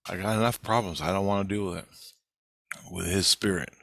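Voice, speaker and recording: A man's voice: sits low, fairly even intonation, brisk, gravelly, a bit bright, dry recording. A man giving a rambling, profane spiritual video update in an agitated way. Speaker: vlogger.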